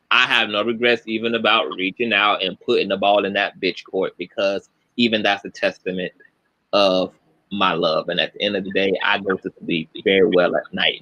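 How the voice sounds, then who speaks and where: A man hosting a casual live chat, talking in an animated, emotional way with spiritual turns of phrase. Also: sits low, no echo, highs cut off. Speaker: channel host.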